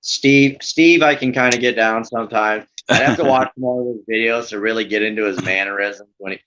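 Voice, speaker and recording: Easygoing man, guest on a stream chat. Lowish voice, dull lo-fi sound. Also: a little fast, a bit bright, a little hiss or hum. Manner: laid-back, easygoing banter. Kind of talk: casual live-stream chat.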